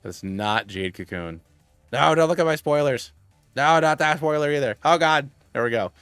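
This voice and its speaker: A man in his thirties streaming a game, chatting casually in a rambling, excitable way with many restarts and tangents. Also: a little high, moderate pace, clear, resonant tone, dry recording, faint music behind. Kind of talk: casual gaming stream chat.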